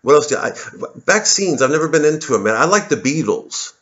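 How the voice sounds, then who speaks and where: A man's voice: on the high side, big pitch swings, brisk, fairly bright tone, lo-fi sound. A man in his forties in a casual, rambling monologue, full of swearing and restarts. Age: 40s. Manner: rambling, profane, many restarts. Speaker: comedian vlogger.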